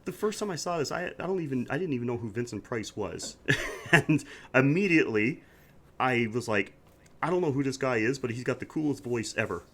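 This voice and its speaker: A man with a middle-range voice and a very lively, swooping pitch chats on a podcast. He sounds enthusiastic and laughs often. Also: brisk. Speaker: podcast co-host. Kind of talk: casual chat.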